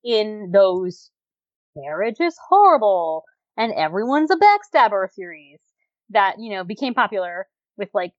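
A woman co-hosting a podcast in casual chat, animated, with lots of fillers and frequent laughter. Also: mid-range voice, measured pace, no room sound, highs cut off. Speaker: podcast co-host reviewing dramas.

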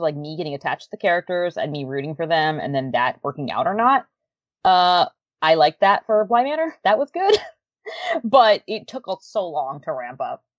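A woman in casual podcast chat, her pitch swinging widely as she talks, laughing often and leaning on lots of fillers. The sound is dry and slightly dull, like a lo-fi home recording. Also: no room sound. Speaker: podcast co-host. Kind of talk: casual chat about a TV series.

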